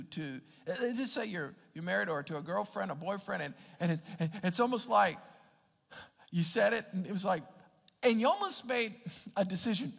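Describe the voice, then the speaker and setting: Man, pastor, sermon, high voice, halting, repeats words, long church reverb. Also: expressive, vocal fry, a bit bright. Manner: halting, repeats words, speaks to the congregation directly.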